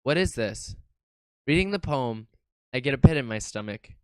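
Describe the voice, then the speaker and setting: A streamer casually commenting and reading game text aloud, animated, swearing and nervously laughing. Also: mid-range voice, normal speed, smooth, no echo.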